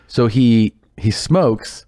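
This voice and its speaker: A guest storyteller casually recounts a funny tale, acting out the voices of the people in it and laughing as he goes. He speaks in a mid-range voice with drawn-out words, recorded in clean studio sound with no echo.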